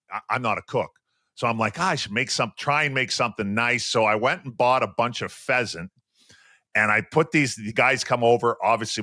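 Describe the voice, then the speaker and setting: Animated man telling hockey stories. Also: fairly low pitch, no room sound, clean studio sound. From Western Canada. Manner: animated storyteller, acts out quotes. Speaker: podcast co-host, former hockey player. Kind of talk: casual storytelling.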